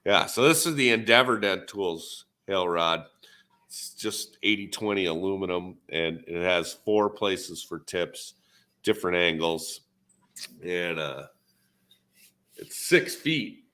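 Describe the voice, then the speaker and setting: A man's voice: low-pitched, expressive, takes it slowly, pushed and bright. A man with a Minnesotan accent in a laid-back, rambling, jokey podcast chat, talking shop as a dent repair technician. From Minnesota, USA.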